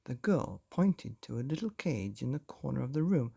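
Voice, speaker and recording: Male bedtime story reader, gravelly, husky, dark warm tone, slow. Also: mid-range voice, no echo, clean studio sound. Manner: lively, expressive storytelling.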